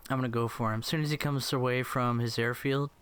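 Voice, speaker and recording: A man's voice: medium pitch, fairly even intonation, fast talker, fairly bright tone, smooth. Brief: man riffing through a combat flight game, silly rambling delivery, clean resonant tone. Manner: silly, rambling, breaks into mock voices and sung lines. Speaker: gameplay commentator. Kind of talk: goofy gameplay commentary.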